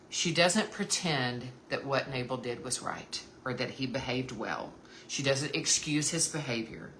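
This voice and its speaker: A woman's voice: very deep voice, bright, forceful tone, slight background noise. A woman giving earnest, emphatic devotional Bible teaching to other women, repeating key points and calling them sisters. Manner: addresses listeners as sisters.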